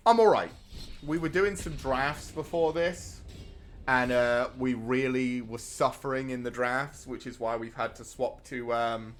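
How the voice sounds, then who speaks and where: A man's voice: mid-range voice, fairly bright tone, slight background noise. A British man in his thirties, a streamer chatting to viewers while playing a card game. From Britain. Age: 30s. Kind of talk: casual gameplay commentary.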